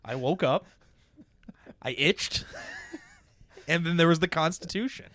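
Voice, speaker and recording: A man co-hosting a comedy podcast, cracking deadpan jokes and giggling often. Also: fairly high pitch, takes it slowly, no room sound. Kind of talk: casual comedic banter.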